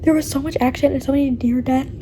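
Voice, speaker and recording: A young woman vlogging about books she is reading, chatty and animated, often slipping into a whisper. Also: sits high, fast talker, a little hiss or hum. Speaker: book vlogger. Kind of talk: casual reading vlog. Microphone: camera facing the speaker.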